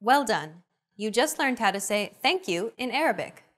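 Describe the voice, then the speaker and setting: A woman with a slightly high, sing-song voice hosts a language lesson at a moderate pace. She reads a scripted explanation and cheers learners on with bright, encouraging short prompts.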